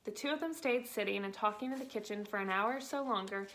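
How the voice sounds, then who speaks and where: A woman narrating a children's book aloud with steady, clear storytelling. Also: medium pitch, fast talker.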